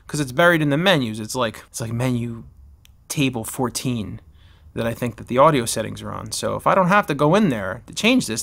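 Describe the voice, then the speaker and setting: Recorded through a shotgun mic mounted on his camera, a forties-aged man sits at a table in a room at home giving a casual gear review. He's chatty and rambling and keeps correcting himself, his mid-range voice a bit bright.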